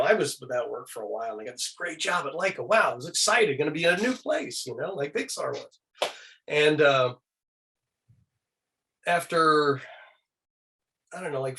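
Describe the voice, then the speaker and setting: A man's voice: mid-range voice, a bit bright, slight background noise. A middle-aged man, a guest on an interview show, telling anecdotes casually and acting out the people he quotes in shifting voices.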